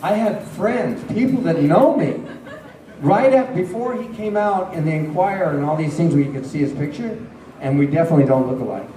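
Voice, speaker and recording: A man's voice: on the high side, expressive, fairly quick, mellow, a little hiss or hum. A man, a guest at a convention panel, telling chatty stories to the crowd with frequent laughs during a Q&A. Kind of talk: convention Q&A storytelling. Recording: roomy hall picked up from a distance.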